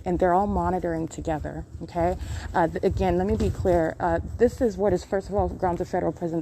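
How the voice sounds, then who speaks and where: A woman's voice: lowish voice, warm tone, a little hiss or hum. A woman recording herself in a public library, talking in an accusing, insistent way and repeating her points. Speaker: podcast host recording her own encounters. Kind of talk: live self-recorded commentary.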